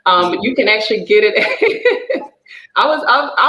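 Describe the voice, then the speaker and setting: An animated guest speaker shares a personal faith testimony on a talk show, voice bright and forward at a middling pitch. The telling is lively, with restarts mid-sentence, and the sound rings in an echoey room. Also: a little slow.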